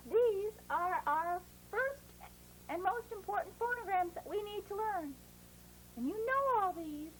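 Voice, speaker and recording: A woman teaching children letter sounds in a phonics lesson, drawing each sound out slowly and coaxing them along. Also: very high voice, slight background noise, low-quality recording.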